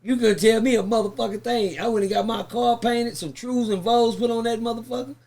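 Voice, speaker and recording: High, gravelly man. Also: a little fast. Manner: profane, lively, acts out the voices he quotes. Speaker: podcast guest. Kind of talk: casual storytelling.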